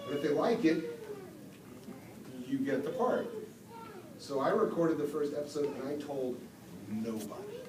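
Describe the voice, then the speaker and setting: A man, a voice actor, telling lively stories at a convention Q&A and acting out the quotes. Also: medium pitch. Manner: animated storyteller, acts out quotes. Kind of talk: storytelling convention panel answer. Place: convention hall from afar. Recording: echoey hall, distant mic, background noise.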